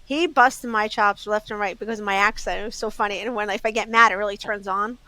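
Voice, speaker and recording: A woman's voice: mid-range voice, quick pace, dry recording, low-quality recording. A middle-aged woman with a New York accent, a bubbly jewelry store owner telling stories in a casual chat. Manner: bubbly, animated storyteller.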